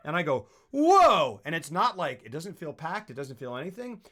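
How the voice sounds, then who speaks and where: A man co-hosting a film podcast, excitedly retelling scenes and acting them out with put-on voices and sound effects. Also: a little high, a little fast. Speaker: podcast co-host.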